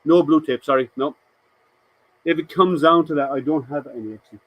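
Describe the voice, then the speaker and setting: A man's voice: a little high, brisk, no room sound, muffled recording. A man hosting a casual live stream, chatting to viewers and answering their comments with rambling, hesitant talk.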